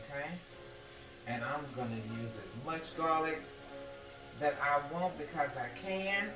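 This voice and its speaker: A woman's voice: low-pitched, unhurried. Chatty woman cooking in an echoey kitchen. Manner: chatty, keeps checking in with the viewer by asking "okay?". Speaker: home cook hosting a cooking video. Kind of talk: casual cooking demonstration. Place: home kitchen. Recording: echoey kitchen with background music.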